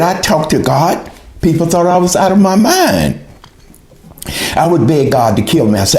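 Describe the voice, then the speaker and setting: A man's voice: fairly high pitch, sing-song, normal speed, long pauses, a little mellow. A man giving an earnest, emotional personal testimony, retelling his own pleas to God in quoted speech. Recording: roomy echo.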